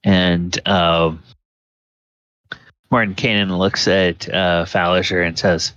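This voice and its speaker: A man narrating a tabletop game as dungeon master, describing the scene in a halting way full of fillers. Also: sits low, level tone, fairly bright tone, dry recording, highs cut off.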